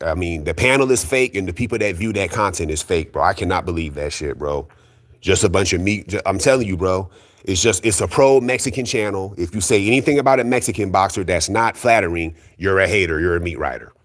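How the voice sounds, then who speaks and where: A fired-up man ranting, low-voiced. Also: a little fast. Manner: profane, blunt, repetitive, argumentative; keeps calling out critics, insistent. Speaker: boxing commentary YouTuber. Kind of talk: heated solo rant.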